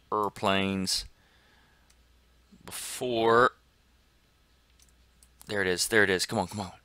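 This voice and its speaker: Man, let's play commentary, lower-pitched, bright tense voice, swings from whispers to cheers. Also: clear, resonant tone, no echo. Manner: excitable, shifts between whispers and shouts. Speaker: gaming channel host.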